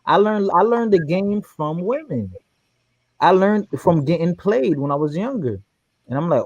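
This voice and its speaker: A man's voice: high-pitched, lively intonation, unhurried, a little mellow, dry recording, highs cut off. A man in a casual group audio chat, emphatic, repeating phrases and restarting sentences.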